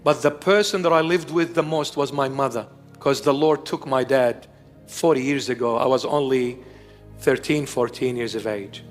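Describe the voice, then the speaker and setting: A man's voice: mid-range voice, moderate pace, in a large hall, soft background music. A man in his fifties delivering an emphatic sermon, repeating his key phrases. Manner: emphatic, repetitive preaching. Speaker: preacher.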